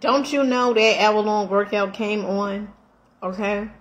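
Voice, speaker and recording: A middle-aged woman vlogging, telling a story in a casual, animated way, laughing often, with slang and emphatic swearing. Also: medium pitch, a little slow, muffled recording. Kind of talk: casual storytelling chat while eating.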